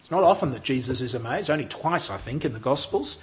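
A man giving a measured, explanatory lecture as a Bible teacher, with occasional restarts. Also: mid-range voice, lively intonation. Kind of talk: lecture on a Gospel passage.

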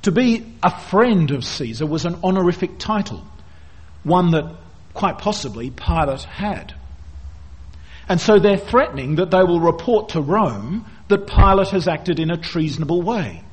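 A man giving an expository Bible teaching, his voice slightly husky and pitched a bit high. He swings widely in pitch, rising for emphasis and sinking low at the ends of phrases. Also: a little slow. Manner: expressive, wide-ranging delivery, dropping low at phrase ends. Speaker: preacher.

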